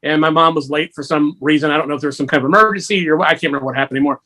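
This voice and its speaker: A man's voice: a little high, steady tone, racing, bright, forceful tone. A man talking as a guest musician in a casual radio chat, telling stories and laughing often. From Georgia, USA. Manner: chatty, storytelling, laughs often.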